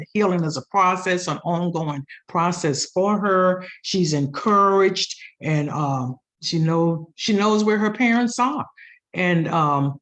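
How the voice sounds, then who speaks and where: Emphatic woman chaplain with preacher's cadence. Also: lowish voice. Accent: African American. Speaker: hospital chaplain and pastoral educator. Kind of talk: community panel talk, preacher-like.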